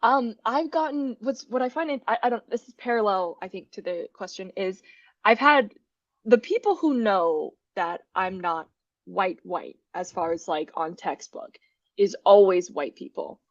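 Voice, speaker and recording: A woman's voice: medium pitch, normal speed, dry recording. Casual podcast guest, woman, chatty storyteller, laughs easily; dry, muffled sound. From United States. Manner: chatty, laughs often while telling stories.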